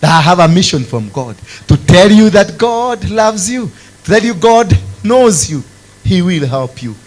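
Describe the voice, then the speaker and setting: A man preaching a sermon, swinging from loud exclamations to low, intense tones. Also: very animated, a little slow, soft background music, poor audio. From Kenya. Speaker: apostle preaching.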